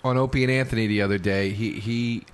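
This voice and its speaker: A man's voice: medium pitch, fairly even intonation, fast talker, smooth. A man, a stand-up comedian guest on a podcast, telling a rambling, profane story with many restarts. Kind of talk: casual storytelling chat.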